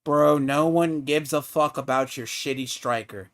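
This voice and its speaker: A man's voice: on the high side, a little slow. A man streaming a game, ranting at another player in a profane, taunting, mocking way. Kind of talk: heated live-stream rant at a player.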